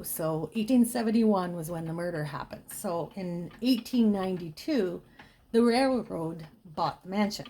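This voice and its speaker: Chatty woman telling a spooky tale. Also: medium pitch. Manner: chatty with dramatic hushed dips. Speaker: storyteller. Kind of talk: casual spooky storytelling.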